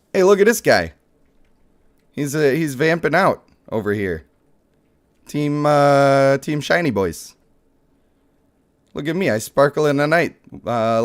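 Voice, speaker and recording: A young man hosting a live mobile game stream, joking and hyping up his pulls for chat. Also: medium pitch. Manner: playful, excitable, joking with chat.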